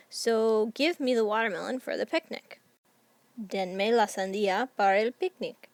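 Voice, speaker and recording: A woman's voice: mid-range voice, creaky, dry recording. A woman teacher explaining grammar rules in a patient, step-by-step recorded lesson. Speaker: Spanish teacher.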